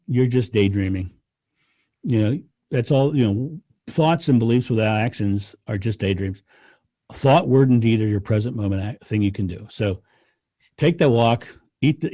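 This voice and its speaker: A man, a podcast guest, talking in casual conversation, animated and laughing often as he rants. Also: mid-range voice, no echo, clean studio sound.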